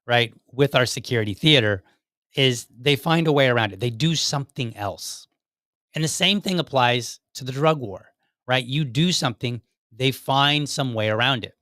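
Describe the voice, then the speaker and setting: A man's voice: medium pitch, normal speed, a bit bright, no room sound, studio quality. A man hosting a political podcast, talking casually with frequent restarts and asides. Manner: conversational, many restarts and "like" asides. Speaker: podcast host.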